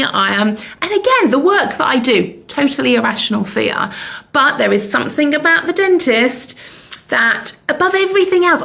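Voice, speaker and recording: Gravelly woman in her fifties. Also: sits high, a bit bright. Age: 50s. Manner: candid, self-mocking humor. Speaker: podcast host. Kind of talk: personal storytelling monologue.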